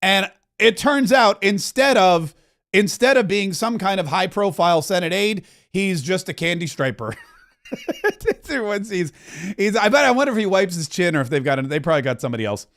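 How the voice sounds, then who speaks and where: A man's voice: sits high, animated, moderate pace, fairly bright tone. A man from Florida hosting a political commentary podcast, riffing with mocking asides. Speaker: podcast host.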